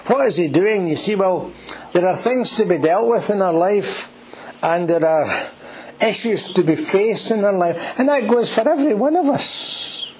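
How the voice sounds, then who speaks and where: A man's voice: high voice, expressive, normal speed, a little hiss or hum, low-quality recording. A man preaching a sermon in church, earnest and emphatic, who repeats key words and asks his listeners questions.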